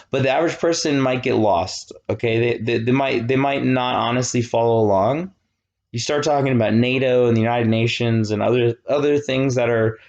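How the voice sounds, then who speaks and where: A man in his thirties giving a casual, animated classroom lecture, often checking that students follow. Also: mid-range voice, lo-fi sound. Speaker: college lecturer.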